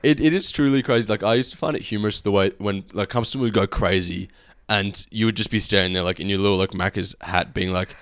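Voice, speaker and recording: Gravelly young guy telling stories. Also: fairly low pitch, fast talker, a bit bright, no echo, clean studio sound. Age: young adult. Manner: storytelling, self-mocking, laughs often. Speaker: podcast co-host. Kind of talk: casual chat.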